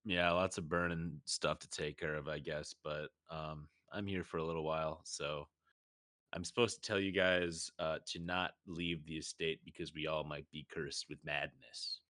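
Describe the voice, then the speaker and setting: A man's voice: a bass voice, steady tone, normal speed, bright, forceful tone, no room sound, clean studio sound. A man playing in a tabletop game, talking casually and rambling a bit. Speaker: player.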